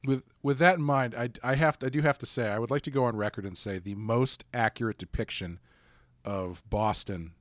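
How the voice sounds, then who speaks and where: A chatty man hosting a podcast, talking in loose, rambling sentences with frequent laughs and a middle-pitched voice. The mic is close and dry. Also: a little fast, no room sound. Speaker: podcast co-host. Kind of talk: casual chat.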